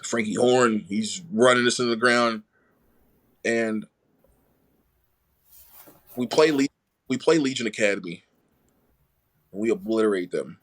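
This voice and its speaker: A young adult man telling a story in casual conversation, animated and full of "like" fillers, acting out the quoted dialogue. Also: lowish voice, a little slow, long pauses. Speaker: rugby player, podcast guest.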